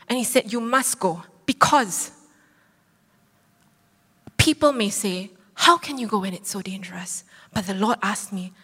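A woman in her thirties preaching, telling a personal story with lively acted-out quotes. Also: medium pitch, husky. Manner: animated storytelling, acts out quotes. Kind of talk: sermon testimony. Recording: long hall reverb.

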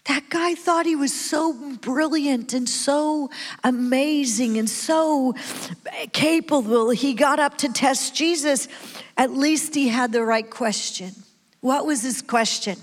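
Woman preacher, high voice, unhurried, animated, calls out to the room; long hall reverb. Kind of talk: sermon.

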